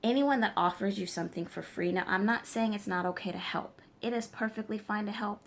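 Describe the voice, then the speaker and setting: A woman with a mid-range voice talks fairly quickly and rarely pauses. She's a tarot reader and spiritual practitioner giving emphatic advice in a direct-to-camera vlog, frequently checking in with her viewers as she lectures.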